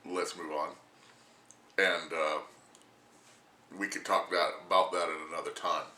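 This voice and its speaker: A man's voice: sits low, little pitch movement, measured pace, pushed and bright, reverberant, slight background noise. A man in his sixties ranting casually to camera, rambling and crude, laughing often as he talks. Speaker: vlogger.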